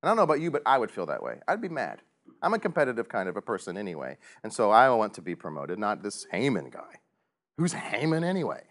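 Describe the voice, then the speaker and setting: A man leads a Bible study in an easy, joking manner, asking his listeners questions. His pitch swings widely as he teaches, rising and falling for emphasis. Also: quick pace. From United States. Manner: animated, joking, big pitch swings, chuckles often.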